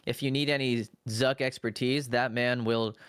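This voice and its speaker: A man's voice: mid-range voice, fairly even intonation, moderate pace, fairly bright tone, clean tone, dry recording, clean studio sound. A man hosting a podcast, reacting to his guest in a laid-back, slangy, casual way. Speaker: podcast host. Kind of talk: casual conversation.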